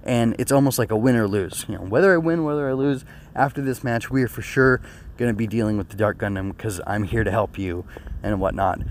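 A man's voice: on the low side, brisk, a little hiss or hum. Rambling man with a sore throat. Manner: rambling, full of fillers and restarts; earnest and emotional. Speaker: anime episode reviewer. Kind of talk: casual spoken review.

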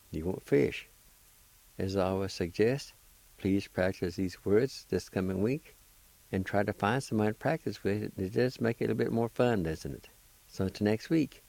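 A man whose mellow voice is on the low side teaches Cherokee vocabulary over the radio. He goes slowly and patiently, spelling and pronouncing every word one syllable at a time. The recording is rough, with no room sound.

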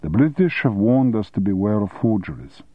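An unflappable garage mechanic, played by a male audiobook narrator, speaking in a low, husky, dry and measured tone that stays entirely unmoved. The sound is dull and muffled, close and without room echo. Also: big pitch swings. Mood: dry calm. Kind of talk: audiobook character voice.

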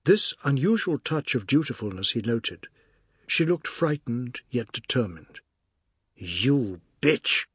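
Husky-voiced male audiobook narrator. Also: mid-range voice, no room sound, studio quality. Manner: measured, even storytelling. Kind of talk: scripted literary narration.

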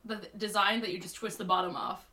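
A woman's voice: mid-range voice, steady tone, brisk, a crowd in the background. A woman chatting on a podcast, talkative and laughing. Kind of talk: casual banter.

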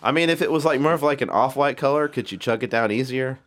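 A man's voice: medium pitch, quick pace, fairly bright tone. A man co-hosting a podcast, teasing his partner with dry sarcasm. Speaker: podcast co-host. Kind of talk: casual chat.

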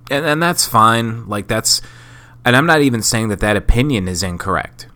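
A man's voice: on the low side, expressive, normal speed, sharp tone. Sick man rambling on his podcast. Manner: rambling, profane, self-mocking. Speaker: podcast host. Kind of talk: casual solo podcast monologue.

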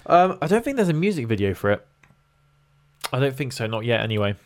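A man's voice: medium pitch, big pitch swings, quick pace, a little mellow. A young man co-hosting a casual podcast chat, jokey and rambling. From United Kingdom. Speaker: podcast co-host.

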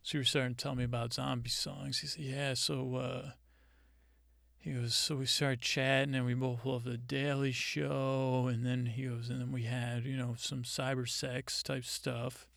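Guy rambling through a funny story, stumbles and restarts a lot, gravelly monotone voice, dry close mic. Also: mid-range voice, no room sound. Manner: halting, stammering retelling with many restarts. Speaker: comedy podcast host.

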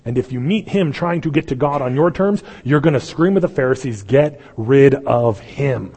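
Impassioned preacher with husky voice. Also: male voice, on the high side, brisk, in a large hall. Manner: impassioned, swings from loud pleading to hushed. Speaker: pastor. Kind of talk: sermon. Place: church sanctuary.

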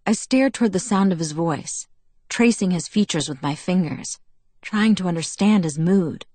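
A woman's voice: fairly low pitch, normal speed, no room sound. Woman narrating a first-person audiobook. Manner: even, intimate storytelling.

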